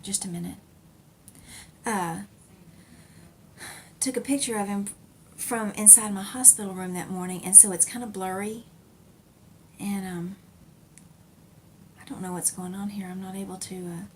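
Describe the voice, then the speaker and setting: A woman's voice: medium pitch, steady tone, measured pace, long pauses, a little hiss or hum. A middle-aged woman hosting a knitting podcast, telling a personal story in a chatty, rambling way with fillers and laughs.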